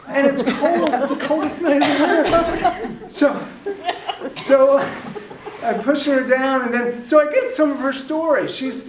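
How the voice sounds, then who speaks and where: A man telling a personal story to a live workshop audience, animated and self-mocking. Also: very high voice. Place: library workshop room. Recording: echoey room, distant mic, faint noise.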